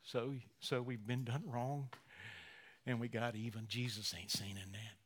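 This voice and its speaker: A man in his sixties preaching a sermon, emotional, dropping to near-whispers and rising to loud, fervent emphasis, slowing on key phrases. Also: medium pitch, flat delivery. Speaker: pastor.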